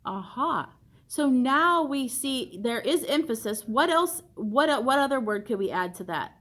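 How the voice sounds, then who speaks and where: A woman's voice: sits high, expressive, a little slow, fairly bright tone. A woman art teacher leading a classroom discussion, asking questions and repeating students' answers back to them.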